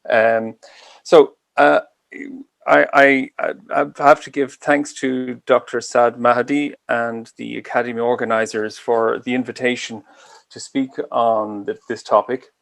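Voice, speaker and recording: Gravelly-voiced Irish man lecturing slowly. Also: mid-range voice, flat delivery, fairly bright tone. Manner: deliberately slow and careful delivery. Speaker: guest lecturer. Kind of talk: online medical lecture. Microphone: video call.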